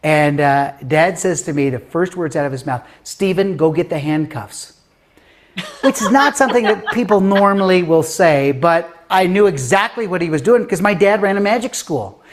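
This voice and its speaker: A man's voice: sits high, normal speed, hardly any pauses. A man in his fifties from Denver, a guest author telling a story in an interview and acting out the voices of people he quotes. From Denver, USA. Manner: animated, acts out quoted voices with filler words.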